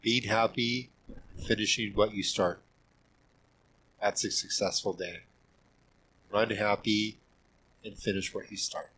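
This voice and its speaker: A middle-aged man, a trail runner, telling stories as a podcast guest in an animated way, with many restarts. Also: on the low side, takes it slowly, long pauses, slight background noise, low-quality recording. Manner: animated, acts out quoted voices, frequent restarts and laughs. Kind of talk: casual storytelling interview.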